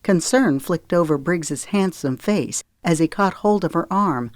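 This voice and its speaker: A woman narrating an audiobook in a steady, even storytelling manner. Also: lowish voice, measured pace, dry recording, studio quality. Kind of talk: scripted narration.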